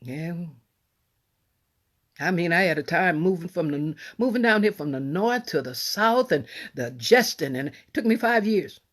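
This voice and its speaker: A middle-aged woman preaching a sermon in a folksy, animated way, often repeating and restarting her phrases. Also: fairly low pitch, measured pace.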